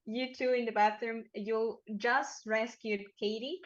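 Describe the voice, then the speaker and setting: Casting: woman game master, slightly high voice, dull lo-fi stream sound, measured narration. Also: fairly even intonation. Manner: narrates in a measured way, acts out characters.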